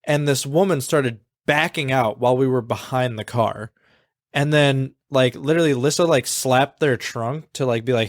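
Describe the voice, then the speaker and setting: A man's voice: mid-range voice, normal speed, no room sound, clean studio sound. A man co-hosting a podcast, speaking bluntly and swearing in casual storytelling chat. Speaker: podcast co-host.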